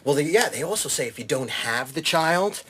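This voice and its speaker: A man's voice: on the high side, animated, moderate pace, over a noisy crowd. A man hosting a podcast, asking questions and giving short replies in casual chat. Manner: interviewer, short backchannel replies. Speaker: podcast host.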